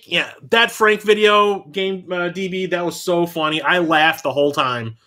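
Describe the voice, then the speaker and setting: A man hosting a casual livestream, telling stories in an animated way and swearing freely. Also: a little high. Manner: animated storyteller, swears freely, quick bursts of excitement. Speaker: livestream host.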